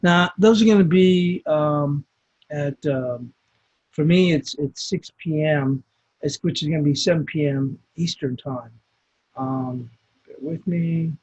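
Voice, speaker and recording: A man talks through the day's market moves on a webinar, rambling loosely and restarting his sentences. His voice sits a little high for a man and has a husky edge. The sound is dull and lo-fi, like a webinar stream. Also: slow, darkish tone. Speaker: market analyst hosting a webinar. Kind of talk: casual market commentary over screen share.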